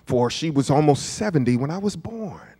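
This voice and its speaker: A man in his fifties preaching a sermon, putting questions to the congregation and swinging from hushed asides to shouts. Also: on the high side, expressive, moderate pace, slightly rough. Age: 50s. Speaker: pastor. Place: church sanctuary. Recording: church hall reverb.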